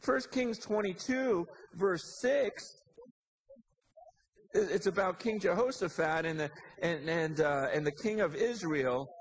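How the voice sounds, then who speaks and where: Male preacher, high and gravelly, animated, casual sermon retelling scripture with quoted voices. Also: measured pace, a little hiss or hum.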